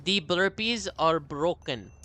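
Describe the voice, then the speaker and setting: A man chatting and joking through live gameplay commentary, quick to laugh at his own losses. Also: a little high, sharp tone. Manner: chatty, joking, self-deprecating. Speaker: streamer.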